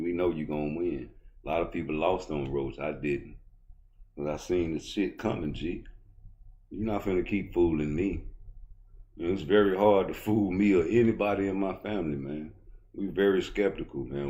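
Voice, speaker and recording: A middle-aged man with a Baltimore accent and a very low voice holds forth on boxing in blunt, profane street talk. He swaggers through his opinions and gets louder when he is heated. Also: lo-fi sound. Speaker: boxing commentator on YouTube. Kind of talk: casual opinion rant.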